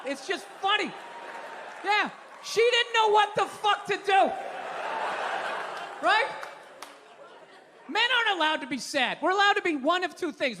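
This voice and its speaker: A man in his fifties doing stand-up, his voice pitched very high as he rants with a profane, chatty delivery and punches lines out in shouts. The sound is a live stage mic with a long reverb tail in the venue. Audience laughter and room noise sit clearly behind him. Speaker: stand-up comedian. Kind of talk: stand-up comedy rant.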